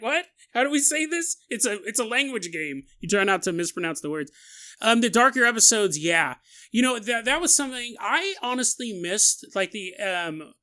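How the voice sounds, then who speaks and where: Chatty, bright-voiced man hosting a live stream. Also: high voice. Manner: rambling, chatty, laughs often. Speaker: podcast host. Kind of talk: casual live-stream chat.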